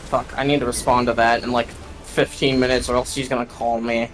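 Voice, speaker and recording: A man's voice: medium pitch, level tone, fairly quick, rough recording. A man chatting casually with a friend while gaming, swearing often and restarting his sentences. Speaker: co-streamer friend.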